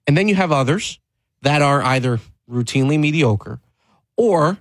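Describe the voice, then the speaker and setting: A man's voice: on the high side, lively intonation, moderate pace, no echo, rough recording. A man hosting a sports talk show, speaking emphatically and candidly, pressing his points with rising stress and frequent restarts.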